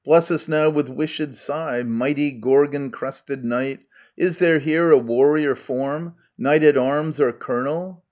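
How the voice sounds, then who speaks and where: A man's voice: on the high side, slow pace, few pauses, a little mellow, lo-fi sound. A man voicing a hostile chorus of old men that threatens and calls for help in declaimed verse. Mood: pleading.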